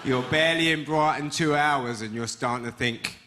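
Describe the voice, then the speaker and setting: A man's voice: medium pitch, moderate pace. A man with an East London accent doing a stand-up comedy routine, with a wry storytelling delivery. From England. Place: comedy stage, live audience. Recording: live audience noise.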